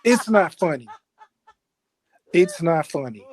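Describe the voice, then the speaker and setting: A man hosting live radio, telling a story in a halting, exasperated way and scolding the person playing sound effects. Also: a little high, animated.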